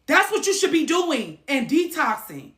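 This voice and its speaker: A woman host talks in an animated way, swinging between loud bursts and low muttering, with frequent cussing. Her voice is bright and forceful and sits a little high, and the recording carries a roomy echo. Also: normal speed. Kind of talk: lively advice talk to a caller. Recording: echoey room.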